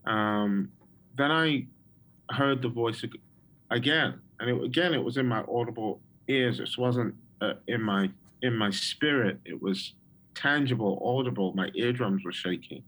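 A man's voice: medium pitch, measured pace, a bit bright, rough recording. A man who is a guest and a prophet, telling his personal testimony with frequent ums and restarts.

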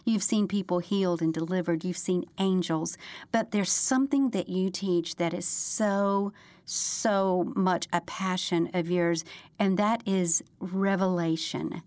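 A woman with a fairly low voice hosts an interview and answers her guest with affirming reactions. She is recorded close and dry, with no room sound. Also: a little slow, darkish tone, dry recording. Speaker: interviewer host. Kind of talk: interview questions.

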